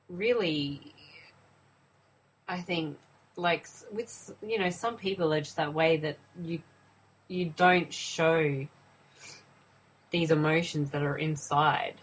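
A woman's voice: sits low, takes it slowly, pauses often, slightly rough, low-quality recording. A woman in a casual film review chat, earnest and hesitant, with many ums. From Australia.

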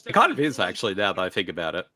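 A man's voice: deep voice, huge pitch swings, rapid-fire, sharp tone. A man co-hosting a casual movie commentary, playful and teasing in his reactions. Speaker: podcast co-host.

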